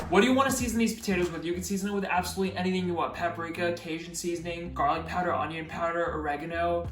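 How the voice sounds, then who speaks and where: A man's voice: high voice, fairly bright tone, reverberant, recorded from a distance. A man talking casually and playfully to viewers while cooking in his home kitchen. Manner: chatty, playful, jokey asides to viewers. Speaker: cooking vlogger.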